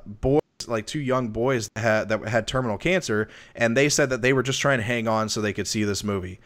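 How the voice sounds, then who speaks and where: Chatty, rambling male podcast host. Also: medium pitch. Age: adult with a wife and kids. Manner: rambling, lots of restarts and fillers; animated when retelling stories. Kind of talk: casual movie review chat.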